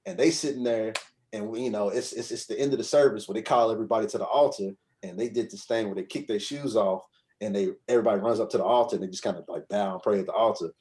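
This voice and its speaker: Male podcast guest, slightly low voice, loose conversational storyteller who rambles and checks in with his listener. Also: quick pace, darkish tone. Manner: rambling, conversational, frequent "you know what I'm saying". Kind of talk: casual storytelling.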